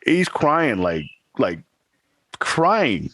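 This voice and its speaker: A man's voice: mid-range voice, sing-song, very slow, fairly bright tone, dry recording. A man in his thirties, a podcast co-host, chatting casually and telling a rambling story with laughs. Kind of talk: casual chat.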